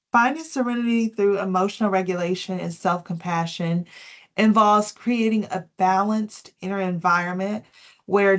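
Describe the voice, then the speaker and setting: Gentle woman presenting a wellness lesson. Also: mid-range voice. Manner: gentle, explanatory, with fillers like "um" and "you know"; reads from prepared points, then explains in her own words. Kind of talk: health education talk.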